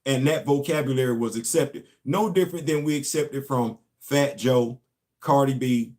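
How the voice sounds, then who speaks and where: A man's voice: mid-range voice, normal speed, a little mellow. A man, a show host and former Marine, telling a long casual story and asking his listeners rhetorical questions.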